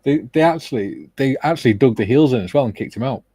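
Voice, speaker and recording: A man's voice: mid-range voice, lively intonation, fast talker, mellow, breathy edge, no echo. A man from Britain co-hosting a casual chat, telling anecdotes and acting out the dialogue in them. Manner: storytelling, acts out quoted dialogue. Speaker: co-host.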